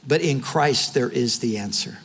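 A man's voice: medium pitch, moderate pace, a bit bright, breathy edge, in a large hall. A man preaching a sermon, earnestly retelling scripture with quoted dialogue. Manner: closing in prayer. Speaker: pastor.

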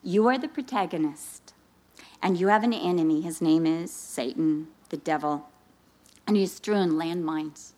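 Unhurried, a middle-aged woman preaches to a women's Christian gathering, weaving personal stories into her sermon. She makes them vivid through animated storytelling, her pitch jumping up whenever she acts out what people said.

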